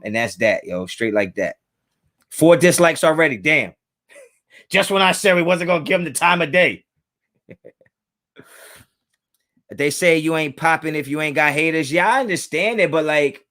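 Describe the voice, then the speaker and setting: This livestream host speaks in a slightly bright, fairly high male voice. Broadcasting casually from home while his kids are in another room, he uses laid-back slang and greets chatters by name.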